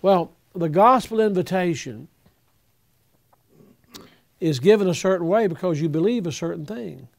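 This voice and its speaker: An older man, a pastor giving earnest, folksy advice to young preachers, halting now and then with fillers. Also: high voice, animated, gravelly.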